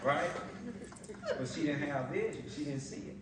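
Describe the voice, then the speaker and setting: A man's voice: fairly high pitch, moderate pace, over a noisy crowd. A man giving a motivational sales presentation, telling stories in colloquial talk and laughing often. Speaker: business opportunity presenter. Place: event hall. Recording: echoey hall, distant mic, noise.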